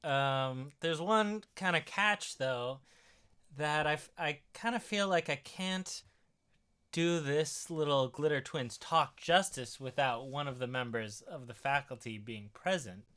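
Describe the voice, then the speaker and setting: A man hosting a casual podcast chat from a studio, relaxed and easygoing as he steers the talk. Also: a little high, unhurried, clear, resonant tone. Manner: relaxed, easygoing, leading the conversation. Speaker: host. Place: recording studio.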